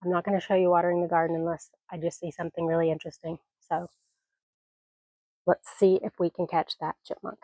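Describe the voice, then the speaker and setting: A woman's voice: fairly low pitch, little pitch movement, fast, dark tone, dry recording. Retired woman, 60s, a homestead vlogger: rambling, folksy chatter into a phone outdoors, slightly scratchy voice, dry close sound. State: scratchy voice from allergies. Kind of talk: casual vlog chat. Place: outdoors on a mountain homestead porch and garden. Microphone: phone camera.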